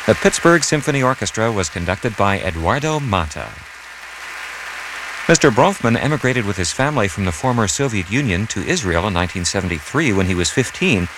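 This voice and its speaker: A man hosting a classical radio broadcast, reading scripted announcements in a measured, announcer-like way. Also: on the low side, sing-song, a crowd in the background, background noise. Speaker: radio host.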